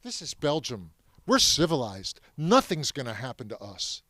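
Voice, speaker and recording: Brief: man putting on a brushing-off café crowd, low and sure of itself. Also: wildly swooping pitch, moderate pace, pushed and bright, dry recording, exaggerated voice. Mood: scoffing. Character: dismissive café regulars, adult men.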